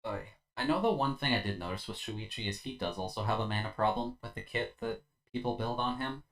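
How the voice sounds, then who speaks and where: A man's voice: fairly low pitch, brisk, vocal fry, a bit bright, soft background music. A tired man streaming a video game, talking through his play in a laid-back, rambling way with lots of fillers and slightly slurred words. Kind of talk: casual gameplay commentary.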